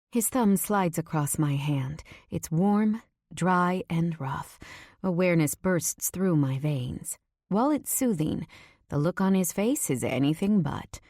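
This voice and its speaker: Give me a woman narrator with a low, warm voice for an intimate, measured romance read. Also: animated, no echo, clean studio sound. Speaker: audiobook narrator. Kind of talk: scripted first-person romance narration.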